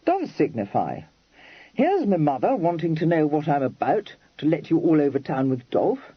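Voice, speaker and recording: A man playing a blunt young Regency dandy in an audiobook, clipping his slangy phrases short with a lively, up-and-down delivery. The voice sounds husky, in a dry, dull recording. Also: on the high side, moderate pace, no room sound.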